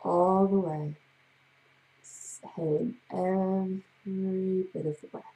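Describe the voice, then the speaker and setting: A woman hypnotherapist with a gravelly voice, leading a slow, soothing guided breathing exercise. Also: medium pitch, fairly even intonation, warm tone, poor audio. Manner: slow, soothing, drawn-out guidance.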